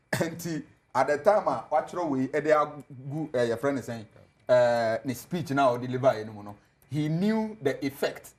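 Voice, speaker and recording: A man with a Ghanaian accent, a TV panelist arguing politics and laughing at his opponents' claims. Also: medium pitch. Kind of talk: political debate on TV, mixing Twi and English.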